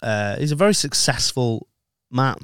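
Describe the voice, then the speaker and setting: A laid-back man hosts a podcast, tossing out slangy banter in a smooth, resonant voice at a middle pitch. The sound is dry and close to the mic. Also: expressive, moderate pace, a bit bright, no room sound. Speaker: podcast host. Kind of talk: casual podcast chat.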